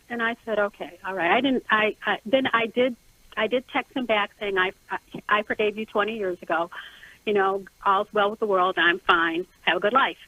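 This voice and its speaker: A middle-aged woman calling in to a radio advice show, speaking haltingly with many restarts. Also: medium pitch, pushed and bright, dry recording. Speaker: caller. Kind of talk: call-in radio question. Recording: phone line.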